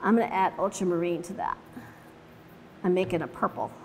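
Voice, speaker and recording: A woman's voice: on the low side, brisk, darkish tone, slight background noise. A woman teaching watercolor in a live demonstration, chatting through each step as she paints and laughing easily as she tells stories. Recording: long reverb in a large room.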